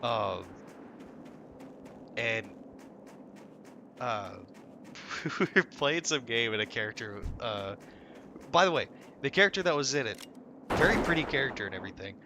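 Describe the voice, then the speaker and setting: A man's voice: medium pitch, lively intonation, measured pace, pauses often, noisy background. A man chatting casually while gaming on stream, rambling through stories, swearing and laughing at himself. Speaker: game streamer. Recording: loud game gunfire behind.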